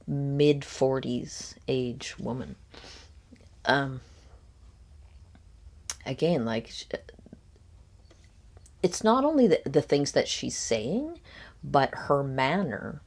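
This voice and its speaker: A woman hosting a reaction commentary, picking apart a podcast clip in a critical, speculative way with frequent ums and pauses. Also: very deep voice, very animated. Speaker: commentary host.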